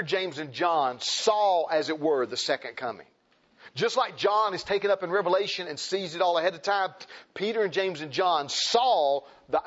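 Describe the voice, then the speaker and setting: A man's voice: fairly high pitch, a bit bright, dull audio. A man preaching a sermon, repeating phrases for emphasis and reading scripture aloud in King James wording.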